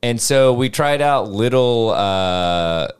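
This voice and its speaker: Brief: male podcast co-host, smooth voice with lively pitch, rambling and profane. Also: takes it slowly. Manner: rambling, swears freely, self-deprecating. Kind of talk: casual chat.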